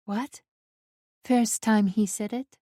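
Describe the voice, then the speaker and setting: A woman narrator voicing a defiant young woman who speaks softly and reassuringly to a friend. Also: medium pitch, steady tone, slow pace, no room sound, studio quality, pitched above the performer's own voice. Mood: gentle. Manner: soft and reassuring, then frightened and forceful.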